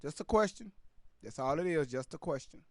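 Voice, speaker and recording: A man's voice: on the high side, animated, brisk, darkish tone, no echo. A man hosting a casual commentary video, talking loosely and with plenty of swearing straight to his viewers. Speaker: commentary channel host.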